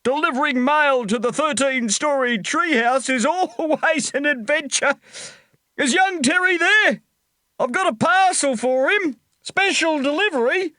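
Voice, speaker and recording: A woman's voice: high voice, a little slow, sharp tone, no room sound, studio quality, voice pushed up. A woman voicing a jolly, chuckling male postman in a storybook reading.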